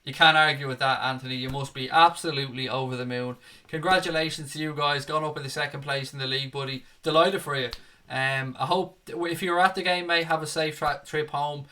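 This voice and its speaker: Bright-voiced matey football fan host. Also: male voice, fairly high pitch, fairly even intonation, brisk. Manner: matey, calls viewers mate and buddy. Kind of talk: live stream chat reading viewer comments.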